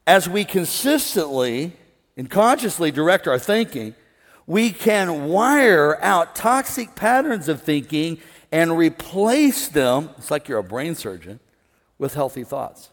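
A middle-aged male pastor preaches on a wireless mic to a live congregation, his fairly high voice trailing into a long hall reverb. He is animated, swinging from loud excitement down to hushed calm. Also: slow pace. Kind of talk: sermon. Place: large church hall with an audience. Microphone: wireless stage mic.

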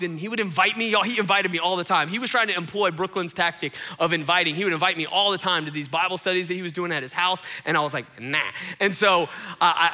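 A man preaching a sermon as pastor, telling a story with lively, animated delivery and calling the crowd "y'all". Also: high voice. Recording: long hall reverb.

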